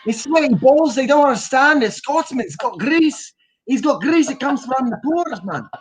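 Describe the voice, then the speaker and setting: A man's voice: very high voice, lively intonation, moderate pace, breathy edge, voice pushed up, full character voice, low-quality recording. A man putting on a Scottish accent to voice a sweaty, grumbling school janitor who rambles through his complaints.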